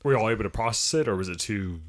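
A man's voice: on the low side, animated, fast talker. A man, co-hosting a casual podcast chat and laughing often. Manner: laughs often, reads a comic aloud with voices. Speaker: podcast co-host.

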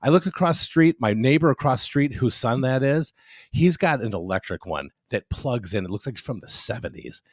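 A man in his fifties tells a rambling story on a casual podcast, swearing freely and acting out every line of dialogue. His pitch swings widely as he talks, and the sound is dry and close with no room around it. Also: a little fast, dry recording. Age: 50s. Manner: profane, animated storyteller acting out quotes. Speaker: podcast co-host.

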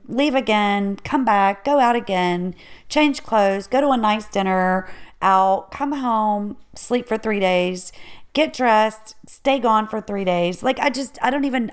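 A woman's voice: medium pitch, smooth. A woman in casual chat, playful and rambling.

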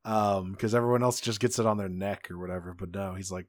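A man's voice: sits low, fairly even intonation, fast talker. A man co-hosting a podcast, recapping a game story in a laid-back, joking way and leaning on "you know". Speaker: podcast co-host. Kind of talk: casual recap chat.

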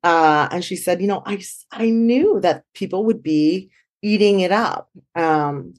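A woman guest, a dog trainer, telling her story in an animated way and acting out quoted dialogue. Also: on the low side, a little slow. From San Francisco Bay Area. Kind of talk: conversational storytelling.

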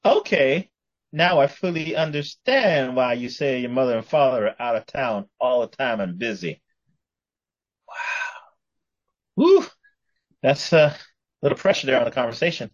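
A man co-hosting a podcast who chimes in with short murmured replies and wry jokes. His pitch moves around a lot as he talks. The recording sounds dull and lo-fi. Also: expressive, moderate pace. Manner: joking reactions and short murmured responses. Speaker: podcast co-host. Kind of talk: casual chat.

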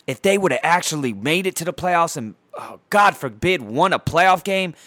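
Furious cursing man, higher voice. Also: lively intonation, normal speed, sharp tone, dry recording. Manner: heated, cursing, sarcastic. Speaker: sports fan ranting on his channel. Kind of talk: profane angry rant. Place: at home by his TV.

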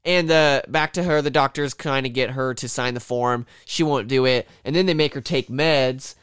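A man casually recapping a film in a rambling, profane way, often slipping into quick quoted voices of the characters. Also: medium pitch, fairly bright tone, smooth, no echo, clean studio sound.

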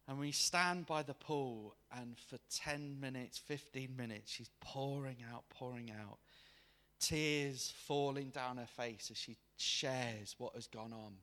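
A man preaching a sermon to a congregation, telling a personal story in an animated way and acting out the people in it. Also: medium pitch, measured pace. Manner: animated, acts out quoted voices. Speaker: guest preacher.

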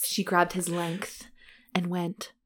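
Her voice sits a little low for a woman. She reads each racy passage from a romance novel aloud with a slight giggle, then breaks off to tease and joke about it with her co-host, as on a relaxed chatty podcast. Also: slow, breathy edge. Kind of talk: casual chat and reading aloud.

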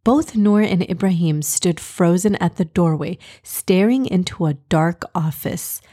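A woman narrating a children's storybook in a gentle, expressive reading manner. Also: fairly low pitch, a little slow, breathy edge.

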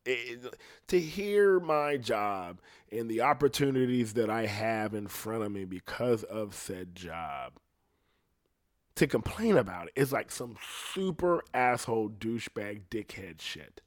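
A man's voice: fairly low pitch, animated, measured pace, dry recording, studio quality. A young man hosting a podcast, talking in a casual, profane, rambling way and laughing at himself now and then. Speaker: podcast host.

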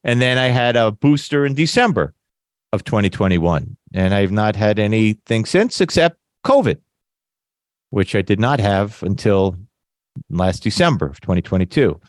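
A man's voice: on the low side, sing-song, normal speed, no room sound, clean studio sound. A man hosting a talk radio show, rambling and correcting himself, with lingering congestion. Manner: rambling, self-correcting, laughs mockingly. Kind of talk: conservative talk radio commentary.

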